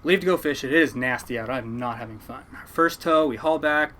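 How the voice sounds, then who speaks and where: A man, a fishing boat captain, telling stories from his life at sea to a podcast host in a lively, laughing way. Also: medium pitch, fairly quick, a little hiss or hum. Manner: animated yarn-spinner, laughing at his own story. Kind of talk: casual storytelling.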